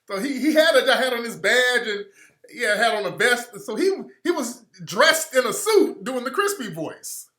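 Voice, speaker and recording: Animated, bright-voiced male talk host. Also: extremely high pitch, moderate pace. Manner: animated, laughing storytelling. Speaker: radio show host. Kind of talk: casual storytelling talk show. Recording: roomy echo.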